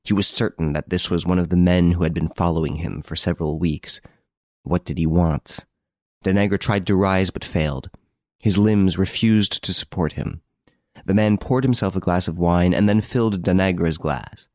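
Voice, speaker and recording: A man narrating an audiobook of a crime story in a measured, steady reading. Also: deep voice, no room sound, clean studio sound. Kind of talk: scripted narration.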